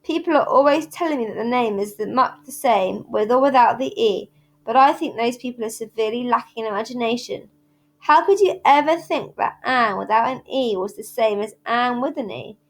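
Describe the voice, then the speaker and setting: A woman reading aloud, voicing a chatty, dramatic, imaginative young girl with red pigtails who talks in flowery, theatrical rushes. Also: a little high. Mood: gushing. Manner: flowery, theatrical, rushing talk.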